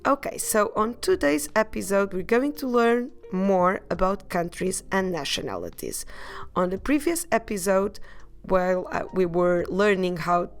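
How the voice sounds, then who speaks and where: Gravelly-voiced woman teaching a language. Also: medium pitch. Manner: explains slowly, spells words letter by letter. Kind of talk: podcast language lesson.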